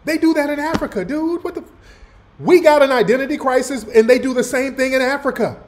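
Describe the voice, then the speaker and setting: An American man commenting in a mocking, profane, loud way on a clip he is watching. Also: very high voice, fast.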